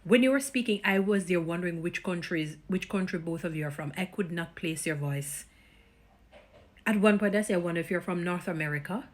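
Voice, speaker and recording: Jamaican woman, vlogger, a bit low-pitched, chatty, pet names, drops into patois now and then. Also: brisk. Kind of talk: casual direct-to-camera commentary.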